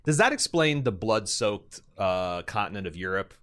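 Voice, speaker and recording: A man's voice: on the low side, very animated, moderate pace, fairly bright tone. A young man co-hosting a podcast, chatting casually and rambling with jokes. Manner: rambling, joking, drifts into goofy put-on voices. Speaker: podcast co-host. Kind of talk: casual chat.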